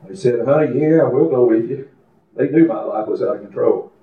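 An older man preaching a fervent testimony sermon in a church, building to shouting. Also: medium pitch, moderate pace. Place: church sanctuary. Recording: echoey, distant, dull church recording.

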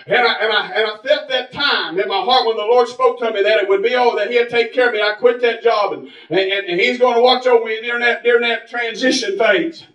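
High-voiced preacher shouting in an echoey church. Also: male voice, fairly even intonation, a little fast, hardly any pauses, far from the mic. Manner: fervent preaching, shouting peaks, frequent "uh" and "amen". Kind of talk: sermon.

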